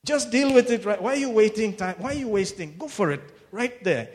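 A man preaching a sermon in an animated way, swinging from loud exclamations to hushed retelling, often laughing between phrases. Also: high-pitched, fairly quick, hardly any pauses. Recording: echoey hall.

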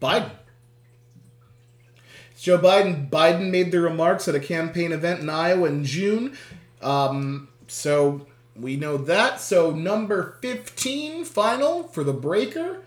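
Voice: mid-range voice, animated, slow pace. Laughing, swearing quiz host, roomy sound. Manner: laughs often, swears, loud dismayed reactions. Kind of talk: casual quiz chat, reading questions aloud. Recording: roomy echo.

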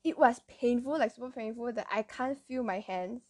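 Chatty young Malaysian woman, bright voice. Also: fairly high pitch, normal speed, dry recording. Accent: Malaysian English. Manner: chatty, rambling, often laughing at herself. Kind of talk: casual storytelling.

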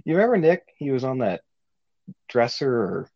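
A man's voice: mid-range voice, big pitch swings, normal speed, gravelly, no room sound, lo-fi sound. A man telling stories in casual chat as a guest, swearing and laughing often. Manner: laughing, profane storytelling. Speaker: guest actor.

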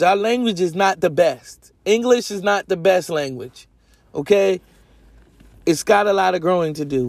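A man's voice: high-pitched, creaky, a little mellow, dry recording. A man hosting a podcast, teaching the Bible in a casual, rambling way with lots of slang and self-corrections. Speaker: podcast host.

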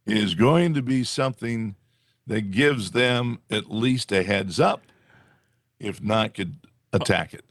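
A man co-hosting a casual political talk show, animated, with mocking asides. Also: fairly low pitch, takes it slowly, no room sound, studio quality. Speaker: podcast co-host.

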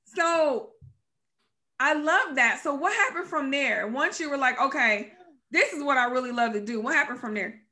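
A woman's voice: high-pitched, lively intonation, normal speed, pushed and bright. A woman hosting a casual interview, asking questions and giving short encouraging replies.

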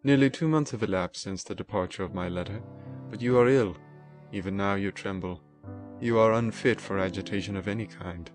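A man reads a formal older magistrate from an old storybook, measured and stern, in a low male voice, with faint music behind. The delivery is steady and composed. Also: lightly acted. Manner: measured, formal, turning severe.

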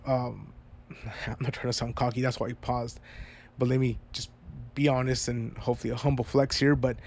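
Man, congested, stuffy nose, earnest, rambling, heartfelt personal vlog, mid pitch. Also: little pitch movement, normal speed, creaky, darkish tone. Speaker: vlogger.

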